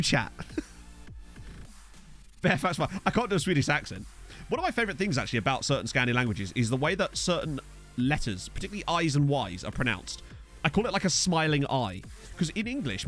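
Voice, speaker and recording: Man chatting with wildly animated pitch. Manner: rambling, riffing with chat, excitable swings. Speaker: streamer playing a football management game. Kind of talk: live-stream game commentary and chat.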